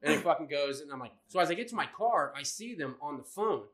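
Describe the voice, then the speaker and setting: A man's voice: a little high, quick pace. A man co-hosting a casual podcast, telling a story with lots of swearing and acting out the other people in it. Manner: profane, animated, acts out the other people in his stories. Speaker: podcast co-host.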